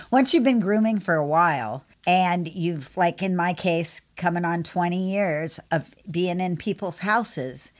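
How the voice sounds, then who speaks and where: Chatty woman podcast host and groomer. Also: on the low side. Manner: chatty, laughs often, mimics her cat meowing. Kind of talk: casual chat.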